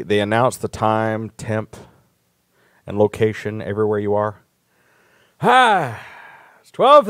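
A man's voice: lowish voice, dry recording, clean studio sound. A man hosting a live talk show, ranting in a blunt, profane, rambling way. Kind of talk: casual live-stream rant.

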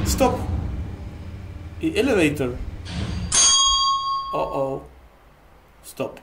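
Gravelly man with a mock Transylvanian accent. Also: a little high, big pitch swings, takes it slowly, long pauses, very noisy. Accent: mock Transylvanian vampire accent. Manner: broken English, jumpy, panicky yelps and shouts. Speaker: horror game let's-player as vampire host. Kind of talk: gaming commentary.

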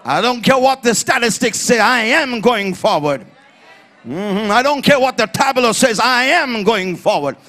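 A man preaching an emphatic sermon in church, building to shouted refrains and calling on the congregation to repeat after him. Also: extremely high pitch, lively intonation, a little slow. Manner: emphatic preaching, rising to shouts, call-and-response. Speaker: pastor.

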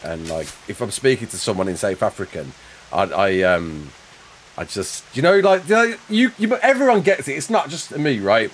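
A young man chatting casually with viewers while playing a game live, quick to laugh and often restarting his sentences. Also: on the low side, big pitch swings, slight background noise. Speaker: live streamer.

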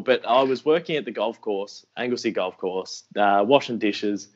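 A man's voice: mid-range voice, normal speed, hardly any pauses, dull audio. A young Australian man telling stories in a casual podcast interview, rambling and self-deprecating, acting out what people said. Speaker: podcast guest, AFL YouTuber.

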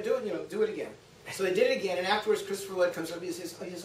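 A man giving a university talk, telling anecdotes with animated quoted voices and frequent laughter. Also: sits high, moderate pace, long pauses. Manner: lively storytelling, acts out quotes, laughs often. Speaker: guest lecturer. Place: lecture room. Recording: roomy, from a distance, faint hum.

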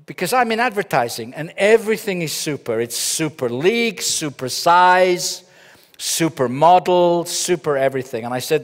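A man's voice: on the high side, expressive, moderate pace. Joking middle-aged man in a reverberant hall. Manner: joking, storytelling with punchlines. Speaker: keynote speaker. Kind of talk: humorous conference keynote. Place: large conference hall. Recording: long reverb of a large hall.

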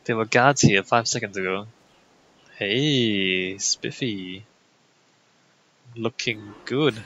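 A man's voice: on the low side, takes it slowly, bright, forceful tone, muffled recording, slight background noise. A man giving wry, chatty commentary while playing a video game, thinking aloud. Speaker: gameplay commentator. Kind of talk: casual let's play commentary.

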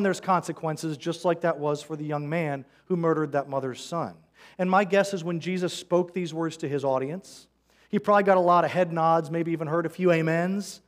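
A man preaching a sermon as a pastor, earnest and conversational, quoting scripture. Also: fairly high pitch. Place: church sanctuary.

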